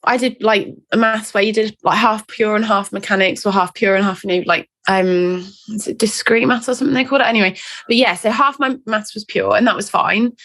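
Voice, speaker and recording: A woman's voice: mid-range voice, a little fast, a bit bright. Chatty self-mocking woman. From England. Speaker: guest. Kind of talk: casual interview chat.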